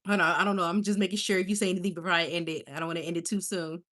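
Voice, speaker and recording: A woman's voice: on the low side, little pitch movement, rapid-fire, a bit bright. A woman hosting a casual livestream, chatty and affectionate, laughing often. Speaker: livestream host.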